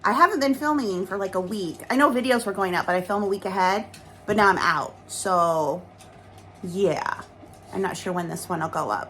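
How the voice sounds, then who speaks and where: A woman's voice: mid-range voice, a bit bright, slight background noise. A woman vlogger chatting casually to the camera at home, rambling along in a self-deprecating way. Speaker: lifestyle vlogger.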